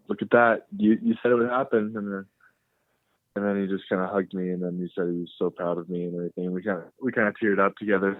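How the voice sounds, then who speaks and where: Young male ballplayer, phone interview, low voice, dry and phone-thin sound. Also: no room sound. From Canada. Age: young adult. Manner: soft-spoken, repeats words as he searches. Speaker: drafted baseball player, guest. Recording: tinny phone line.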